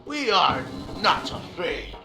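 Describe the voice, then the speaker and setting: A man putting on a pompous rebel leader with a put-on old Southern aristocrat drawl, booming his speech with slow, dramatic pauses and big swoops in pitch. He sounds a touch high and roomy, over loud game music. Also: sing-song, vocal fry, full character voice. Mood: rousing. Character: rabble-rousing male rebel leader, pompous.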